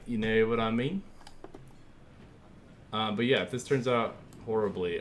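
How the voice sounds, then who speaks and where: A man's voice: on the low side, fairly even intonation, takes it slowly, pauses often, slight background noise. A man streaming casually, rambling with lots of fillers as he thinks aloud and thanks viewers while he works. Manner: rambling, filler-heavy, easygoing. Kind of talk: casual live-stream chat.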